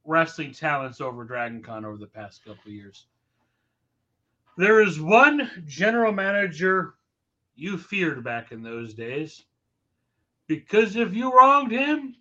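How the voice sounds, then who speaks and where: Jokey New York co-host, bright, lo-fi. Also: male voice, on the high side, sing-song, unhurried. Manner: playful, jokey banter. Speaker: podcast co-host. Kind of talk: casual chat.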